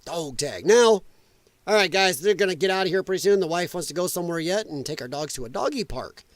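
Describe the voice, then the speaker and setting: Blunt high-voiced man streaming. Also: fast, no echo. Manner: loose, blunt, laughs at clips. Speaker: livestream host. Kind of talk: casual livestream commentary.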